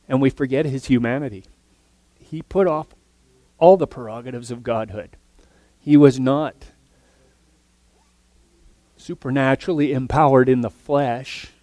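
A man preaching a sermon earnestly, his voice swinging from loud emphatic lines to soft, near-whispered ones. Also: mid-range voice, no room sound.

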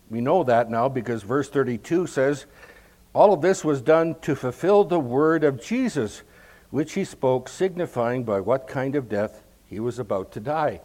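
A man giving verse-by-verse Bible teaching, explaining each passage in a measured way and stressing key words. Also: medium pitch, darkish tone.

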